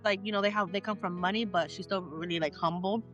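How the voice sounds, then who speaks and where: A woman chatting on a book club podcast, giving opinionated, rambling takes with casual swearing. Her voice sits at an ordinary pitch, and faint music runs under her. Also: fast talker, dull audio. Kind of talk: casual chat.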